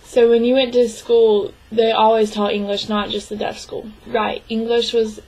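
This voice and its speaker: A young woman voicing a signed interview aloud, her voice sitting fairly high. She keeps an even, flat tone and breaks her speech into short, halting phrases. She often stops to clear her throat. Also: rough recording. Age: young adult. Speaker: sign language interpreting student.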